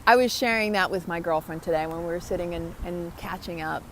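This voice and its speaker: A woman's voice: on the low side, brisk, slight background noise. A woman talking to her viewers in a motivational vlog, upbeat and chatty. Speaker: vlogger. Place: outdoors.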